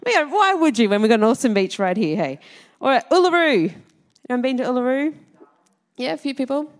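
A middle-aged Australian woman, a Salvation Army minister, gives a church talk to her congregation in a fairly high voice that swings widely in pitch and moves fairly quickly. Chatty and playful, she quizzes the room and laughs between her stories.

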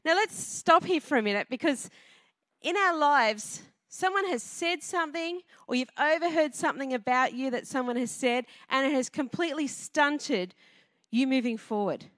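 Woman preacher, pretty high voice, chatty sermon style, keeps asking the crowd stuff, dry close sound. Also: moderate pace, dry recording. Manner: lively and conversational, asks the congregation questions. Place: church before a congregation.

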